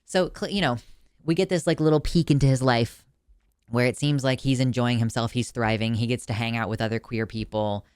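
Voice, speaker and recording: A man's voice: mid-range voice, fairly even intonation, brisk, a little mellow, clear, resonant tone, no room sound, studio quality. A man reviewing a film in a casual video, talking in a chatty, emotional way with lots of fillers and restarts.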